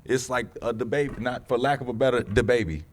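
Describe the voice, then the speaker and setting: A man co-hosting a podcast, talking in an animated, slangy, joking way. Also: medium pitch, quick pace, a little hiss or hum. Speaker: podcast co-host. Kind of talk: casual podcast conversation.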